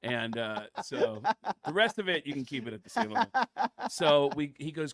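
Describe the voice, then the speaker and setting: A middle-aged man, a comedian and voice actor, telling stories in an interview, excitable and acting out the voices of people in them. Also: on the high side, normal speed, a crowd in the background. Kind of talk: casual interview storytelling.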